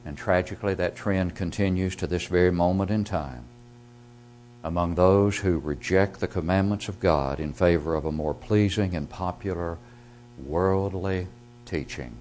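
Male preacher with a lowish voice, explaining scripture and swinging between hushed and loud delivery. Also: normal speed, a little hiss or hum. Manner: swings from quiet, low passages to loud emphatic rises; reads scripture aloud and explains it. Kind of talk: sermon.

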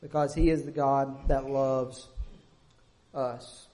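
A man preaching a sermon, emphatic and repetitive, with pauses and self-corrections. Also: mid-range voice, level tone, dark tone.

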